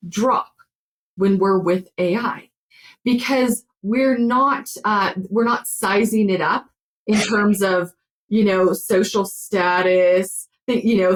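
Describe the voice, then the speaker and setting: A woman counselor speaking as an interview guest, her voice sitting at a middle pitch. She explains her ideas in a warm, conversational way, padding her sentences with casual fillers. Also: poor audio.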